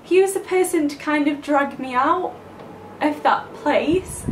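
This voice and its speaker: A woman's voice: high voice, a little slow, reverberant, background noise. Young woman vlogging openly. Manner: open, emotional, hesitant. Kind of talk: casual confessional vlog.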